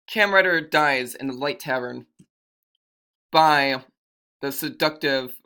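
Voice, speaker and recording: Rambling, bright-toned male storyteller. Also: mid-range voice, slow, smooth. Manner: rambling, self-correcting. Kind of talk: improvised fantasy storytelling.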